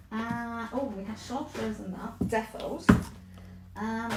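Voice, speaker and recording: A woman's voice: fairly high pitch, fairly even intonation, takes it slowly, heavy background noise. A middle-aged woman leading a live-streamed craft workshop from her home studio, chatting, rambling and joking at her own expense. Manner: chatty, self-mocking, rambling jokes. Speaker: textile art teacher.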